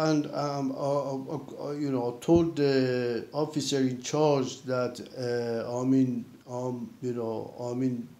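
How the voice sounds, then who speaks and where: A man works through his account at an unhurried pace, often restarting and leaning on repeated fillers. His voice is mellow and relaxed, and it echoes around the room. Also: medium pitch. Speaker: vlogger recounting a personal experience. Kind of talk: casual spoken account. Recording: roomy echo.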